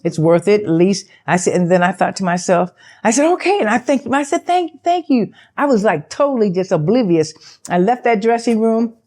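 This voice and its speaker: An older woman, an actress, telling a story in a sit-down interview in a chatty, animated way and acting out the dialogue. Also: brisk. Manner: animated, acts out quoted dialogue with big pitch jumps; chatty, loose, with fillers and self-interruptions.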